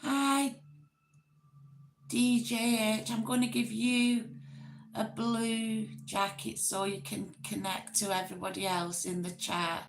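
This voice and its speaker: A woman hosting a relaxed livestream chat, praising other creators and greeting viewers in the chat by name. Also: on the high side, slow, creaky, poor audio. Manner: gushing, repeats herself, greets chat members. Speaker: livestream host. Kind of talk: casual chat with live viewers.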